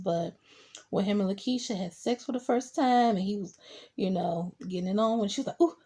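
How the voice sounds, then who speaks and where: A young woman with a husky, mellow voice gives a casual recap of a TV episode. She tells it in an animated way and slips into short acted quotes of the characters. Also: mid-range voice. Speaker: TV show reviewer.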